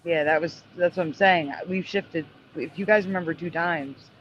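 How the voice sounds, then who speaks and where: A man's voice: on the high side, steady tone, moderate pace, a bit bright. A man hosting a casual talk, presenting topics in an upbeat, exclamatory way. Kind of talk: casual chat. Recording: dull lo-fi sound with faint noise.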